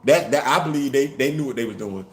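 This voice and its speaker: A man's voice: medium pitch, fast talker. Emphatic man, roomy echo. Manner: animated, emphatic, rising to loud peaks. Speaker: host. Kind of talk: casual commentary show.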